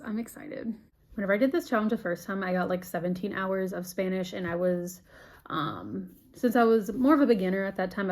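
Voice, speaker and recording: A woman's voice: medium pitch, darkish tone. A woman in her twenties talking in a casual vlog, chatty and giggly, full of "like". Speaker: vlogger.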